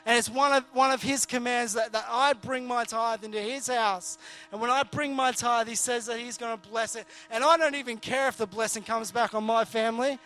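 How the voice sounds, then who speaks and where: High-voiced man preaching casually. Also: steady tone, a little fast, sharp tone, soft background music. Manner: earnest, jokey, frequent restarts. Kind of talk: conversational sermon.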